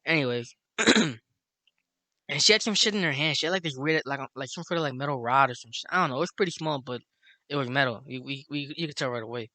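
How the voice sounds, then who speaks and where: A man's voice: medium pitch, fast, bright, forceful tone, no room sound. A young man from Chicago telling a rambling, profanity-laden story in a casual monologue, laughing at his own tale.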